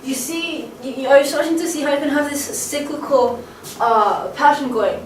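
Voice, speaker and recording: In an echoey room filmed by a camcorder, with a faint hum and a distant mic, a poetry teacher gives a casual lecture at a moderate pace. Her voice sits high; she chats with many ums and uhs and taps out stress patterns aloud.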